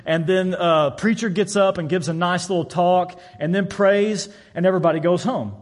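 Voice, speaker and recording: A man's voice: high voice, fairly even intonation, moderate pace. A man preaching a sermon in a church, telling a story and acting out the voices of its people. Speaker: pastor.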